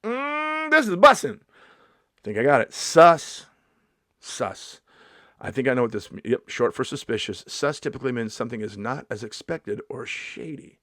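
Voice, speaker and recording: A man's voice: mid-range voice, a little fast, dry recording, studio quality. A middle-aged male comedian in a casual vlog, reading slang definitions aloud and riffing on them with sarcasm and swearing. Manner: sarcastic, swears freely, reads definitions aloud then riffs. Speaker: comedian vlogger.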